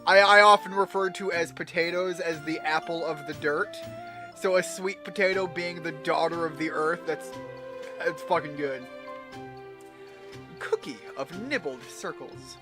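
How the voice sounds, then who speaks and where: A man's voice: fairly high pitch, steady tone, a little slow. A man giving casual, rambling let's-play commentary while he plays a video game, joking and swearing now and then. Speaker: gamer playing a video game. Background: game music.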